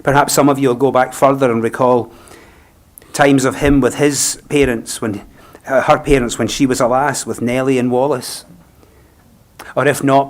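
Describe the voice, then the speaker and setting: Gentle Scottish man giving a eulogy. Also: mid-range voice. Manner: gentle, reflective, unhurried phrasing. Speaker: funeral celebrant. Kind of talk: funeral eulogy.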